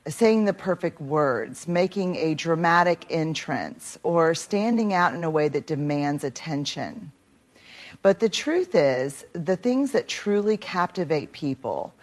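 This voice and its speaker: A woman reading a scripted motivational talk in a measured, earnest way. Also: low-pitched.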